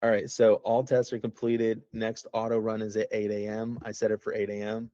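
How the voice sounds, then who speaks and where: A man's voice: lowish voice, completely flat delivery, normal speed, dark tone, no room sound, muffled recording. A man giving a casual, rambling walkthrough of his app over a video call. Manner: rambling, folksy, self-interrupting. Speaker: app founder. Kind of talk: casual screen-share walkthrough.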